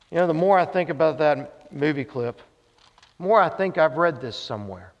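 Circling back to brief refrains for emphasis, a male pastor tells a story during his sermon. He speaks at normal speed in an animated voice on the high side, recorded with dull sound and a long hall reverb.

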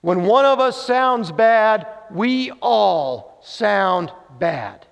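A man's voice: high voice, sing-song, drawn-out words, pitched above the performer's own voice, full character voice. A man voicing a stern, demanding college band director who fires firm questions at his students. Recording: dull sound with long hall reverb.

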